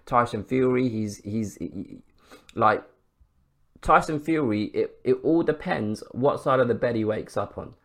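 Male podcast host, mid-pitched, fired-up solo take, lots of rhetorical questions and swearing. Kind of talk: casual sports commentary monologue.

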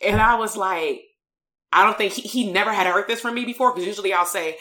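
A woman's voice: medium pitch, animated, a little fast, bright, forceful tone, reverberant. A woman, a coach and therapist telling a story in a blunt, emphatic live-streamed motivational talk.

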